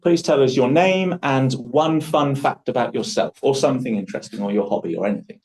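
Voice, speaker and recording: A man with an English accent hosts a workshop. He talks in a chatty, joking way and tells stories at a middle pitch. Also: a little fast, darkish tone, poor audio. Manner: chatty, jokey storyteller. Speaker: workshop host. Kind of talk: casual workshop hosting.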